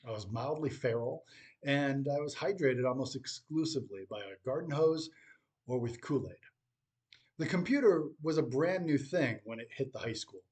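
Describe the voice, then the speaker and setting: A man in his forties, a teacher, giving scripted commentary to camera in a dry, wry way with deliberate pauses. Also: mid-range voice, a little mellow.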